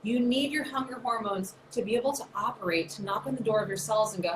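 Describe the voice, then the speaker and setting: A woman in her thirties talks through health science in a chatty, animated, nerdy way. Her voice sits a little high. The room is echoey, with a faint hiss behind her. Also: fast. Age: 30s. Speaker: naturopath presenter. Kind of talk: casual explanatory talk.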